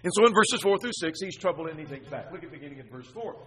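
A man preaching from the pulpit, his voice pitched high with a husky edge. He climbs to loud, forceful bursts when he reads scripture aloud. The sound carries a long reverb, as in a large hall. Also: lively intonation, fast, hardly any pauses. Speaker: pastor. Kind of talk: sermon.

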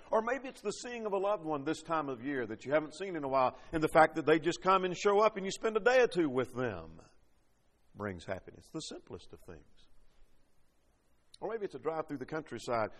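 A man's voice: on the high side, long reverb tail. A man preaching a sermon, reading scripture and building points with rising and falling emphasis.

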